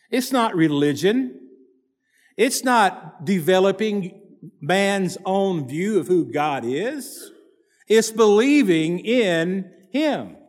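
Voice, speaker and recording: A pastor preaches a sermon in a church sanctuary, emphatic and hammering his points home with repeated phrases. His voice is high and slightly mellow, carrying a big-room sound.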